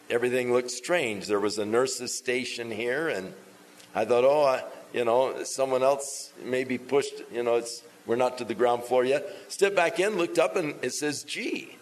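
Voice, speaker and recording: Man telling a lively sermon story. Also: mid-range voice, low-quality recording. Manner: animated, acts out quoted dialogue.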